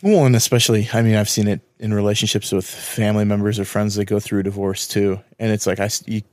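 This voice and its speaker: A man co-hosting a podcast in casual chat, jokey and quick to laugh along. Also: lowish voice, little pitch movement, darkish tone, dry recording. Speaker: podcast co-host.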